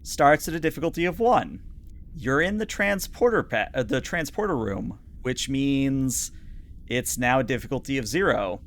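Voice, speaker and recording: A man's voice: medium pitch, expressive, moderate pace, slight background noise. Brief: chatty game master, man, explaining rules with plenty of ums. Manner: chatty, lots of fillers. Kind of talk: narrating a tabletop game.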